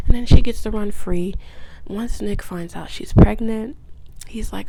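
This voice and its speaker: A woman's voice: medium pitch, a little slow, vocal fry, very noisy. A woman vlogger giving a casual, rambling, profane recap, often dropping into whispered asides. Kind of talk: casual video essay recap.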